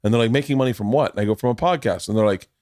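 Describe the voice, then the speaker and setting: A man in his forties holds forth as a podcast host, his voice at an ordinary middle pitch. He tells stories with lively energy and swears freely. The sound is dry and close, with no room around it. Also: rapid-fire, no echo. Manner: animated storyteller, swears freely. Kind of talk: casual chat. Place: podcast studio.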